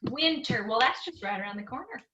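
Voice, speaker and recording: A woman with a high, bright voice keeps a group video chat moving, cheerfully calling on people one by one. Her voice rings a little in an echoey room with faint background noise. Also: animated, fairly quick, lo-fi sound. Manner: encouraging, calls on participants by name. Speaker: recreation program co-host.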